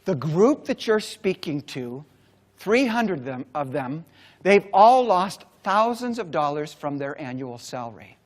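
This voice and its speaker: A man giving a motivational keynote, telling a story dramatically with long pauses. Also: fairly high pitch, big pitch swings. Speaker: keynote speaker. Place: stage before a large audience.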